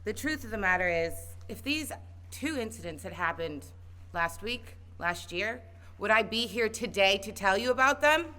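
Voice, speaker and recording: A woman's voice: medium pitch, expressive, moderate pace, bright, forceful tone. A woman giving an earnest personal speech at an outdoor protest rally, building to impassioned calls. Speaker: protest speaker.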